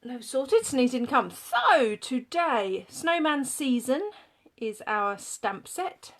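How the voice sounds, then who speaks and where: A woman running a live craft tutorial, talking viewers through her work in a fairly high voice. She speaks at an unhurried pace, chatting, thinking aloud and greeting people by name as she goes. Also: very animated, a bit bright. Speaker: papercraft demonstrator.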